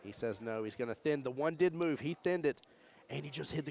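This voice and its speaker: Man, live pool commentary, jokey and excitable, reads chat aloud. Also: on the high side, moderate pace. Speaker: pool match commentator and streamer. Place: pool hall during a tournament.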